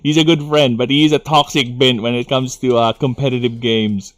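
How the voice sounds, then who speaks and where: A man's voice: medium pitch, fairly even intonation, normal speed. A young Filipino man with a Filipino accent, chatting casually and profanely while streaming a video game, often drifting into rants. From Philippines. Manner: rambling, profane, goes off on rants. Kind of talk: live gaming stream chat.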